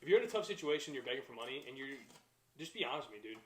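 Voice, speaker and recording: A young man, telling stories in a profane, excitable casual chat. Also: medium pitch, racing. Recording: echoey room.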